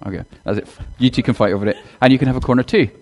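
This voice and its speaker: A man's voice: mid-range voice, very fast, a little mellow. A man giving a chatty sermon in a church, talking directly to the congregation and acting out a children's talk. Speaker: minister.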